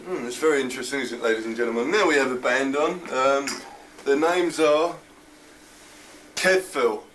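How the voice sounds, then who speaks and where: A man's voice: medium pitch, moderate pace, background noise. Teenage boy hosting a spoof chat show. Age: teens. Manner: mock-formal host patter, often breaking into laughter. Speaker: mock chat show host. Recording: home video from far off.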